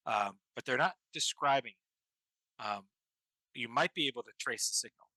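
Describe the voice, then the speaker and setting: A man running a tabletop game as game master, narrating in a halting way with many ums and restarts. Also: medium pitch, expressive, bright, forceful tone, dry recording, low-quality recording.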